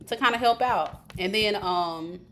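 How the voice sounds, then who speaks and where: Talking straight to her viewers in a chatty, informal way, a woman delivers a tarot reading over a livestream. She has a mid-range voice and a measured pace, and the recording has a roomy echo with a light hiss.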